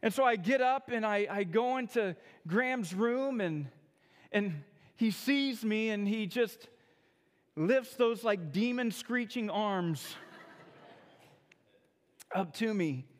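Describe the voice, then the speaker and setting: A man's voice: high voice, animated, slow pace, long pauses, big-room sound. A man in his thirties, a pastor, preaching a sermon built on personal stories, talking in a conversational, self-deprecating way with frequent restarts.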